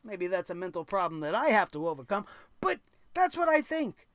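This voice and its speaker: A man's voice: high-pitched, sing-song, fairly quick, a bit bright, no echo. A man reviewing a wrestling show in a blunt, crude, exasperated rant full of sarcastic asides. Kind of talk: opinionated recap rant.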